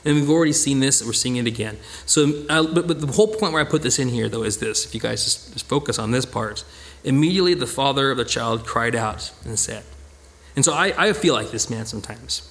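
A man leading a Bible study, explaining scripture in an earnest, conversational way with lively emphasis and frequent restarts. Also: medium pitch, brisk.

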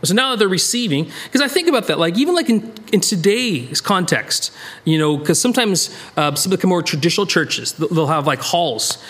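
A man's voice: brisk, breathy edge. An American man leading a Bible study, talking it through casually with lots of restarts and sudden bursts of emphasis. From United States. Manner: animated, rambling, self-interrupting, jumps in pitch for emphasis. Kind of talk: conversational Bible teaching.

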